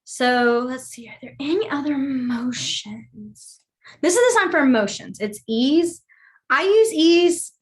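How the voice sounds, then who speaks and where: Brief: young woman, chatty teacher, slightly high voice, easily sidetracked. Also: expressive, a little slow. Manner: chatty, rambling, apologizes for sidetracks. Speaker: sign language teacher. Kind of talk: casual online class teaching.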